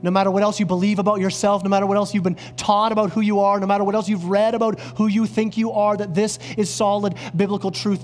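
A male pastor preaching an earnest sermon, dropping lower and slower on key words. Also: little pitch movement, soft background music. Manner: earnest, drops low and slow on key words. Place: church.

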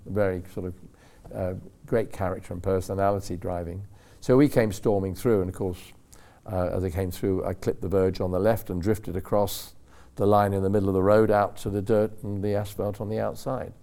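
An older man, a racing driver appearing as a guest on a club talk show, tells long anecdotes in a low, dark voice with fairly even intonation and a brisk pace. He rambles, corrects himself, and acts out the voices of the people he quotes.

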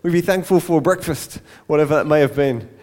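High-voiced man preaching a sermon. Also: brisk, darkish tone. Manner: light-hearted, self-deprecating asides. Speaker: pastor.

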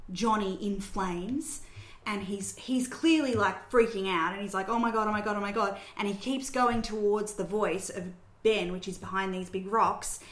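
Chatty woman podcaster, bright voice. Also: medium pitch. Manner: chatty, storytelling recap with fillers. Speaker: podcast host recapping a film. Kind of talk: casual chat. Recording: roomy echo.

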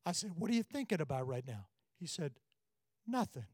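A middle-aged man preaching a family seminar, his voice sitting a little high for a man. He tells stories and acts out the people in them. The sound is dry, with little room behind it. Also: fast talker, no room sound. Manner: storytelling, animated when quoting. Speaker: pastor. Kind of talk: sermon.

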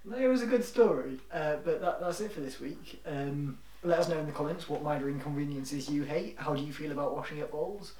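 A man's voice: fairly high pitch, a little fast, few pauses, a little mellow. A man co-hosting a casual podcast, signing off in a dry, easygoing way. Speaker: podcast co-host. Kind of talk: casual chat. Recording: roomy, distant from mic.

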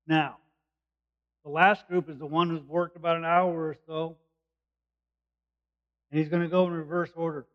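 A man's voice: a little high, level tone, normal speed, pauses often. A man preaching a sermon, explaining a passage verse by verse in plain, conversational words. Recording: dull lo-fi recording.

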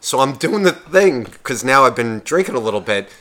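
Bright-voiced swearing male storyteller. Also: medium pitch, brisk. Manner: profane, animated, quotes others in shifting voices. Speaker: podcast co-host. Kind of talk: casual storytelling chat.

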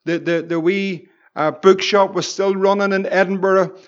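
A Northern Irish man, a pastor, preaching a Bible study with fervent exclamations and slow, emphatic repetitions. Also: sits high, level tone, dull audio.

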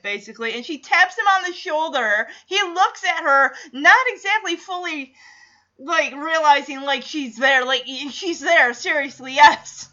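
Woman, high voice, bright tone, chatty TV recap, slightly muffled recording. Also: sing-song, normal speed. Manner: chatty, laughing, acts out characters' lines. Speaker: TV episode recapper. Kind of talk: casual episode recap.

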